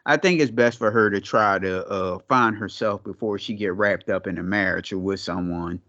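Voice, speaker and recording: A man's voice: fairly low pitch, moderate pace, bright, forceful tone, highs cut off. A man co-hosting a podcast, chatting casually with slangy, laugh-filled storytelling. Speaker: podcast co-host. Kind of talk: casual chat.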